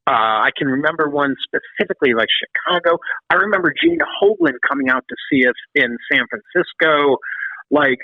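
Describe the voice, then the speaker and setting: A middle-aged man, a former metal drummer, telling long stories in a casual interview, animated and rambling, often restarting and swearing. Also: a little high, a little fast, vocal fry, no echo. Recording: dry, phone-like call audio.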